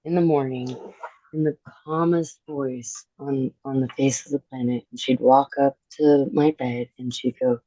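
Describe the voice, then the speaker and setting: A woman guest on a casual livestream, sharing memories in an earnest, halting way with many fillers. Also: extremely low pitch, fairly even intonation, warm tone, no room sound. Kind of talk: casual chat, personal memories. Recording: slightly dull dry audio.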